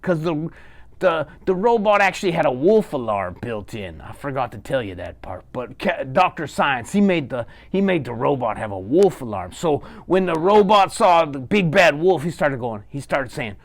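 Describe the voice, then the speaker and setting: A man telling a children's bedtime story as a puppeteer, animated and chatty, often repeating himself. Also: fairly high pitch, normal speed.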